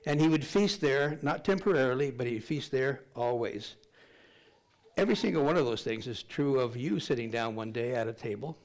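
A man's voice: mid-range voice, expressive, normal speed. An older man preaching a sermon to his congregation in a conversational, joking way. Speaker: pastor.

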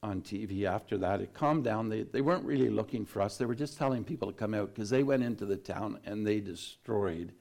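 Low-voiced man recalling a frightening past. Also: vocal fry. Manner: halting, with restarts and quiet dips at grave moments. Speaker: guest telling a personal story. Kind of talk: casual spoken recollection.

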